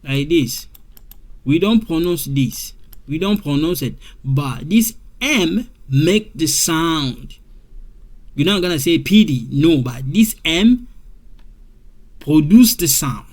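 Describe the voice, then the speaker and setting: A man whose first language is French, teaching a language lesson and repeating each point slowly with many okays. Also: a little high. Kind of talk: slow explanatory lesson.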